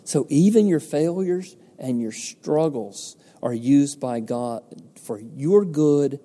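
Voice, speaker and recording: Male pastor, unhurried, mellow tone, earnest sermon delivery, long hall reverb. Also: a little high, expressive. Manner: earnest preaching, poses rhetorical questions and answers them.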